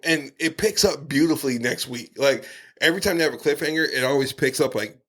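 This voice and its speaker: A podcast co-host chats in a relaxed, rambling way, full of fillers and restarts. His mid-range voice moves fairly quickly.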